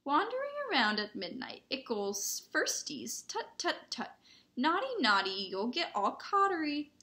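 A woman reading aloud puts on a mischievous storybook poltergeist. He cackles and teases in a sing-song. His voice sits well above her own and comes out loud. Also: high-pitched, sing-song, measured pace, pitched above the performer's own voice, full character voice. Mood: gleeful taunting. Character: mischievous poltergeist, gleeful and taunting.

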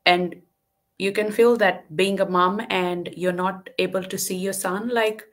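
A woman's voice: medium pitch, steady tone, a little slow. Earnest woman telling her story on a call. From lives in Western Australia. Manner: earnest and candid, many fillers. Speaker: guest. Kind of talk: personal story in a live online talk.

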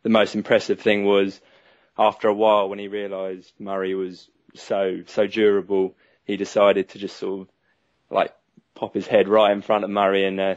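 Flat-voiced man on a dull call line. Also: on the low side, dry recording. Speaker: guest caller. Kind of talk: casual chat.

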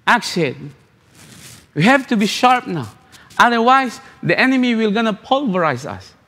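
Very animated and sharp in tone, this high-voiced pastor moves at normal speed through his sermon. Repetition and rhetorical questions drive each point, though he frequently trips up and begins again. The sound rings with a long, sanctuary-like reverb.

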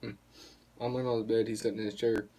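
A man's voice: lowish voice, level tone, fast, mellow. A young man, telling a rambling, profane story to the camera in a casual vlog. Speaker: vlogger.

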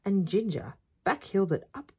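Expressive woman reading a storybook. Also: mid-range voice, moderate pace, husky. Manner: expressive, sing-song storytelling. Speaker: teacher reading to children. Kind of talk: reading a picture book aloud.

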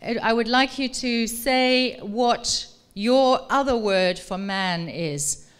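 A woman's voice: fairly high pitch, slow, smooth. A middle-aged woman professor giving a public talk in a museum room, reading aloud and then polling the audience with questions in an engaging, articulate way.

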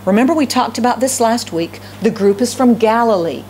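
A woman's voice: fairly high pitch, fairly quick, warm tone, slight background noise. Southern US woman pastor preaching. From Southern United States. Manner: storytelling, repeats phrases for emphasis. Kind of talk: sermon.

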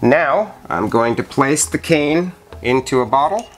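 A man giving a casual how-to demonstration of home winemaking at home, explaining each step in a relaxed, chatty way with occasional fillers. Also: mid-range voice, a little slow, slight background noise. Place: indoors at home.

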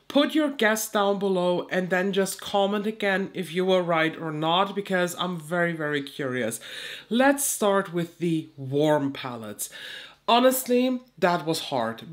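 A woman with a cold and a blocked, nasal voice, chatting casually as she reviews products in a beauty vlog and often restarts her phrases. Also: medium pitch. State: stuffy nose from a cold. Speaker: beauty YouTuber.

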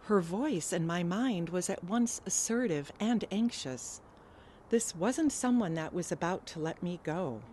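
A woman's voice: fairly low pitch, expressive, a little slow, darkish tone, a little hiss or hum. A woman telling a personal story on stage in an earnest, emotional way.

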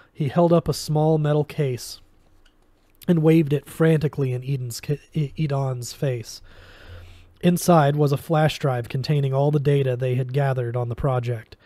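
Man reading a novel aloud, mellow. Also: mid-range voice, dry recording. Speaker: reader.

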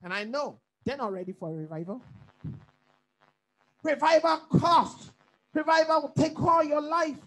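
A man's voice: very high-pitched, a little slow, long pauses, fairly bright tone, rough recording. A man from Africa, a pastor leading a bible study, preaching emphatically with repeated phrases and questions to his listeners.

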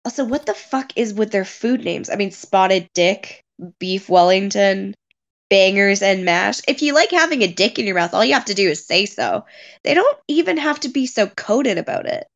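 A woman's voice: mid-range voice, expressive, moderate pace, creaky. A woman playing a vain, catty young woman who makes crude jokes. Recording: dull lo-fi sound.

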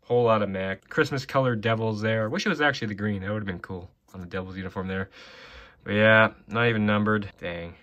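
Heard on a muffled recording, this Canadian man has a bright but fairly low voice and talks a little fast. He works through his hockey cards, listing names in a running stream with offhand remarks as he breaks the box.

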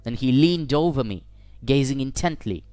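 Measured male audiobook narrator, dry sound. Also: medium pitch, lively intonation, warm tone, dry recording. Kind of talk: first-person story narration for English learners.

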